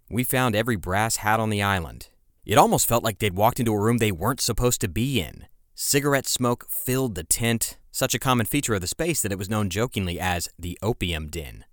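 A man's voice: fairly low pitch, dry recording, studio quality. A man hosting a podcast, telling a history story in scripted narration with casual, conversational asides. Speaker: podcast host.

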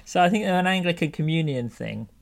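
Male co-host, somewhat high voice, halting delivery, dry wit. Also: lively intonation, creaky. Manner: hesitant, many ums and restarts, dry humour. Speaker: podcast co-host. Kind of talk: casual chat.

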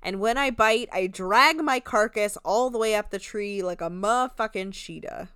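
Woman, podcast co-host, casual chat, smooth clear voice, dry close sound. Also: mid-range voice, moderate pace, no room sound. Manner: animated, quotes people, swears freely. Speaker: podcast co-host recapping a reality show.

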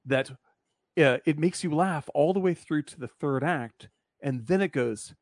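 A man's voice: on the high side, unhurried, no echo. A man hosting a casual film discussion, blunt and profane, rambling with lots of fillers.

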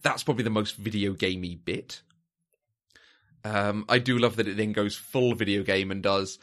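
A man's voice: fairly low pitch, fairly even intonation, normal speed, a bit bright. A man co-hosting a casual film discussion, thoughtful and hesitant, with plenty of fillers and restarts. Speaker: podcast co-host.

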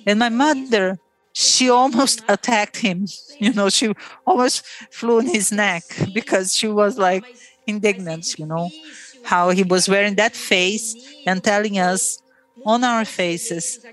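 Over faint background music, a Brazilian former player whose native language is Portuguese recounts a personal story at a measured pace in a mid-range voice. Her storytelling is emotional, and she voices the dialogue herself.

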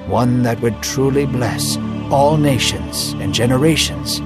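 A man narrating a dramatic Bible story in a measured, emotive way. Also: mid-range voice, over loud music.

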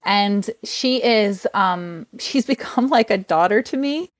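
A woman with a New Jersey accent, a guest author talking in a casual interview, enthusiastic and quick to laugh. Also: medium pitch, lively intonation, no room sound. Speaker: guest, children's book author.

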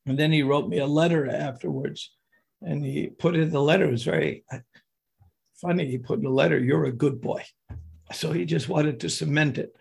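Raspy, gravelly older man. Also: on the high side, fairly even intonation. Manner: earnest, slows down on emotional words. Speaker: guest. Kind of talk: personal storytelling.

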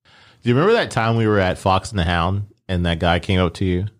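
Low-voiced, teasing man. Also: fairly quick. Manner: laid-back, teasing, asks skeptical questions. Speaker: friend in casual chat. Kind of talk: casual chat.

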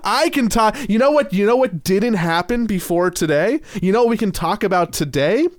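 A man's voice: high-pitched, animated, normal speed, no room sound, studio quality. A young man co-hosting a casual podcast, rambling and self-mocking, still a bit congested from a cold. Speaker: podcast co-host.

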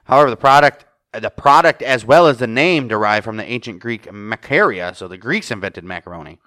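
Podcast co-host: bright, clear-voiced man, loud and argumentative, heavy swearing. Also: medium pitch, expressive, brisk. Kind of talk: casual profane chat.

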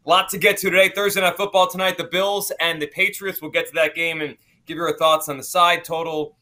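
A man's voice: on the high side, level tone, brisk, pushed and bright. A man hosting a daily sports betting show, opening it and chatting loosely with his co-hosts. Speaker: podcast host. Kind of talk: casual sports show chat.

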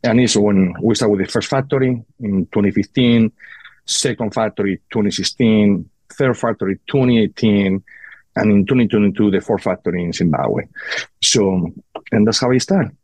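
A man with a Spanish accent from Spain, a guest on a podcast, talking casually with halting restarts. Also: lowish voice, a little mellow, husky, no echo. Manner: halting, repeats words. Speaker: guest, cigar maker.

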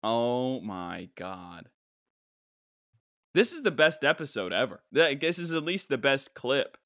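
Podcast host, young man, animated comic disbelief, dry sound. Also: on the high side, moderate pace, dry recording. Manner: incredulous, animated, mock-exasperated. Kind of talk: casual comedic reaction.

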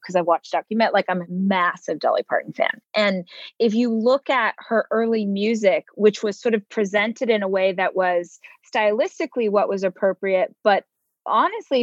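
A woman's voice: mid-range voice, expressive, normal speed, no room sound. A woman hosting an interview, talking with eager, gushing enthusiasm. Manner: enthusiastic, gushing fan talk. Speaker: interviewer, host. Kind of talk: casual interview chat. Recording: dull, dry lo-fi recording.

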